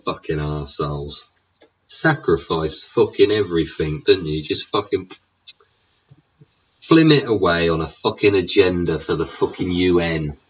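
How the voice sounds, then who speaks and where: This deep, slightly rough voice belongs to a man hosting his own show, ranting in a profanity-laden monologue at a measured pace. His intonation is lively, and he keeps tossing in "innit" and "yeah" between curses. The audio is dull and lo-fi.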